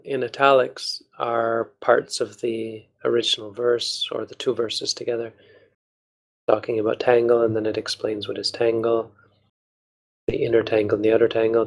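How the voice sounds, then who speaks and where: Man, monk teacher, gravelly, flat delivery, measured and patient, study-group lesson. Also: mid-range voice, poor audio. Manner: measured, patient explaining with restarts. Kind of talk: explaining a text to a study group.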